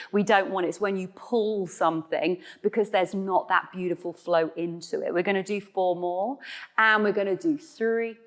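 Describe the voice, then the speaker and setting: A woman teaching an online Pilates class, cueing breath and counting reps with encouraging, chatty explanations. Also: lowish voice. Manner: playful asides to viewers. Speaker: Pilates instructor. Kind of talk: guided online exercise class.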